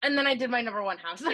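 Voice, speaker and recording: A woman with a bright, high-set voice co-hosts a casual podcast, gushing excitedly as she tells her stories. Her voice is recorded close and dry, with no room sound. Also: no room sound. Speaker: podcast co-host. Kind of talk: casual podcast chat, ranking attractions.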